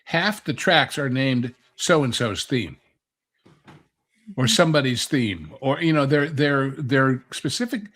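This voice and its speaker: A man's voice: medium pitch, expressive, takes it slowly, a bit bright. A man on a panel discussion, talking in a conversational way and explaining his points through anecdotes. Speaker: panel guest.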